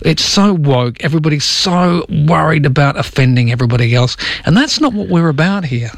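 A man's voice: a little high, fairly quick, vocal fry, no room sound. Chatty Australian radio host man. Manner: chatty, lively anecdotes with quoted voices. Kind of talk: casual talk radio chat.

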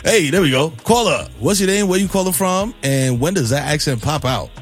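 A man's voice: fairly high pitch, animated, fairly quick, soft background music. A man hosting a morning radio show in a studio, bantering with lots of laughs and a habit of saying "you know what I'm saying". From Dominican Republic heritage. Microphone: studio microphone.

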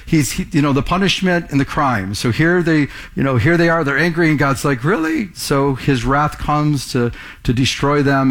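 A man's voice: on the high side, a bit bright. A man preaching a sermon in a conversational way, often repeating words and asking the congregation questions. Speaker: pastor.

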